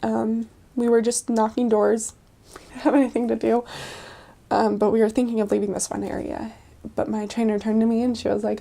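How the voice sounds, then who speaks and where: Young woman, casual storytelling, chatty with fillers, somewhat high pitch, mellow tone. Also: level tone, fairly quick, gravelly. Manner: chatty, full of "like" and "um", laughs often. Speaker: returned missionary.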